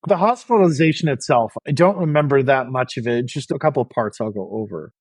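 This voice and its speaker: A man's voice: mid-range voice, fast talker, no echo, low-quality recording. A middle-aged man telling his own story as a podcast guest, frank and self-deprecating, with frequent restarts. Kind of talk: candid personal storytelling.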